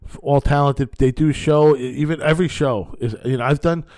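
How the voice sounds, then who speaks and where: A man hosting a podcast from a basement, telling animated, profane stories in casual chat. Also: fairly high pitch, a little fast, no room sound, clean studio sound. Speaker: podcast host.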